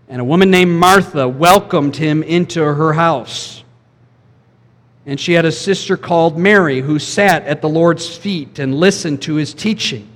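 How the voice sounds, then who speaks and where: Pastor guy giving a chatty sermon, kinda high voice, long echo off the church hall. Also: a bit bright. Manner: conversational, asks the congregation questions. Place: church sanctuary.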